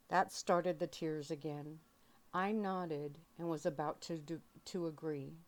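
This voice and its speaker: A woman reading a young adult novel aloud in first person, in a soft-spoken ASMR style with feeling. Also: low-pitched, unhurried. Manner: calm, emotional first-person narration. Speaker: audiobook reader.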